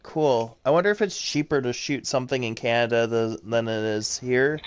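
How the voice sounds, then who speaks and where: A man's voice: mid-range voice, normal speed, a little hiss or hum. Chatty Wisconsin man, rambling. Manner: rambling, filler-heavy, chatty. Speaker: co-host of a gaming stream. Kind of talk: casual chat while playing.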